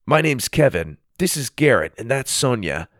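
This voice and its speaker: Unsure village boy, read by a man, hesitant, lively pitch, dry. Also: moderate pace, no room sound.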